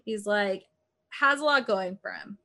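A medium-pitched female voice, unhurried and creaky, with a sharp tone. She co-hosts a podcast casually, rambling through a true-crime retelling filled with "like" and quotes she acts out.

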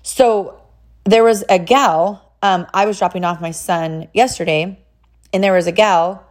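A woman's voice: medium pitch, a little slow. A woman from California, a mother, telling personal stories in a casual monologue, chatty and full of "like" fillers. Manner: chatty, frequent "like" fillers, animated retelling with quoted voices.

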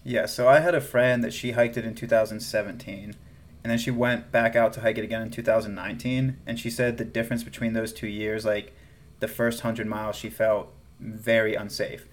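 A Southern-accented man co-hosting a casual podcast. He talks in an animated way, laughs often, and trails off and restarts as he goes. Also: lowish voice, a little fast. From American South. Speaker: podcast co-host. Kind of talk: casual chat.

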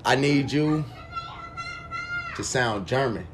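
A man's voice: medium pitch, expressive, slow. Laid-back guy hosting a podcast game, keeps teasing, slight hiss behind him. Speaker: podcast host and game judge. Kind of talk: casual podcast chat.

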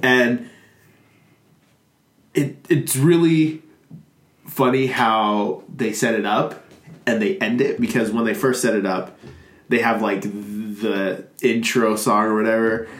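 A man's voice: fairly low pitch, fairly even intonation, takes it slowly, long pauses, reverberant. A man co-hosting a podcast, chatting casually and rambling with lots of fillers and laughter. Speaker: podcast co-host. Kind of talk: casual chat about a cartoon movie.

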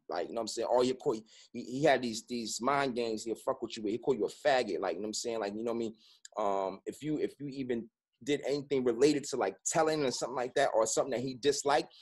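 A man's voice: medium pitch, a little mellow, husky. A man, a guest speaking candidly and profanely in an interview, with constant "you know what I'm saying".

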